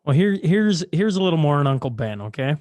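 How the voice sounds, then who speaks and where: Male podcast host, casual, a touch high, dead-dry sound. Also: big pitch swings, quick pace, a little mellow, no echo. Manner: casual, reads articles aloud. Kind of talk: casual chat.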